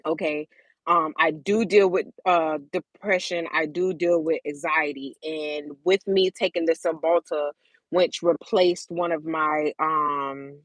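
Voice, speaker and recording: A woman vlogger talks straight to her viewers in an open, emotional way. Her voice sits on the lower side, and she often repeats words to stress them. The sound is close and dry. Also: no echo. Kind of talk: candid personal talk to camera.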